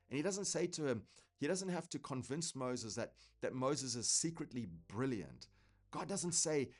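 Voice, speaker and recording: A man's voice: a little high, lively intonation, moderate pace. A man preaching an earnest sermon to a video audience, repeating key lines for emphasis. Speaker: pastor.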